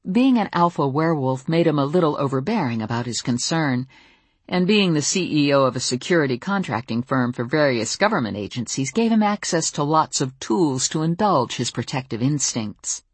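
A woman's voice: sits low, lively intonation, normal speed, husky, no room sound. A woman narrating a first-person novel in a wry, conversational way. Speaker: audiobook narrator.

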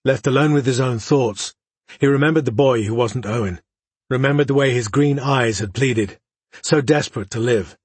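A man narrating a fantasy novel in a measured, even storytelling voice. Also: mid-range voice, slightly rough, dry recording. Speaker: audiobook narrator. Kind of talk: scripted narration.

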